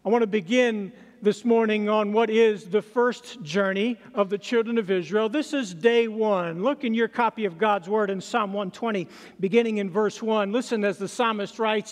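A man preaching a sermon as pastor, reading scripture slowly and dramatically with long pauses. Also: high voice. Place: church sanctuary. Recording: reverberant hall.

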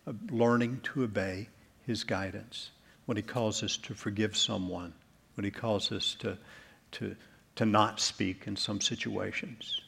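Gravelly-voiced male pastor preaching. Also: fairly low pitch. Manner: earnest preaching, ending in soft prayer. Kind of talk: sermon. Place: church.

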